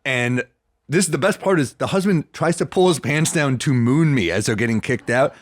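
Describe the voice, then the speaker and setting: A young man, a guest comedian on a podcast, telling a story with quick punchy asides in casual chat. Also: medium pitch, lively intonation, dry recording. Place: podcast studio. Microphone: studio microphone.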